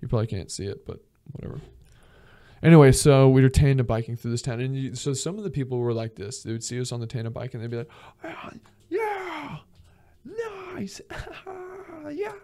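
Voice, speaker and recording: A man's voice: mid-range voice, fast talker. A young man hosting a podcast, telling a travel story casually, swearing freely, laughing often and acting out what people said. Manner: animated and profane, laughs often, acts out quotes. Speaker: podcast host.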